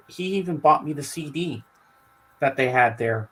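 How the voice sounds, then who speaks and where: Man telling animated stories. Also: medium pitch, normal speed, slightly rough, low-quality recording. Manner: animated storyteller who acts out quoted speech. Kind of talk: casual chat on a video call. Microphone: headset.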